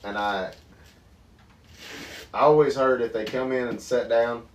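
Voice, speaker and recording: A man co-hosting a podcast, telling hunting stories in a lively, animated way with bursts of laughter. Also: mid-range voice, a little slow. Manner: animated storyteller, laughs and yells mid-story. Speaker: podcast co-host. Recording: roomy, distant mic, faint background noise.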